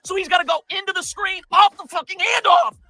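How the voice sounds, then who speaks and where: A man breaking down basketball game film, profane and exasperated, often yelling at the player on screen. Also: extremely high pitch, brisk, dry recording, soft background music. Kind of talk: heated film breakdown commentary.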